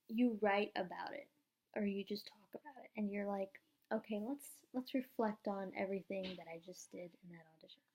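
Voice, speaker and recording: A young woman vlogging at home into a camera, hyped up and rambling, with many "like" fillers. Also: fairly high pitch. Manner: excitable, rambling, fast-talking with many "like" fillers. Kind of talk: hyped-up casual vlog.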